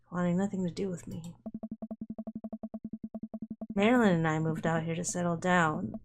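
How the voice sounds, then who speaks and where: A woman voicing a bitter, guilt-ridden middle-aged man in a dating game, in a low, subdued voice. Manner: low, subdued, self-loathing confessions. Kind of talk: reading game dialogue aloud.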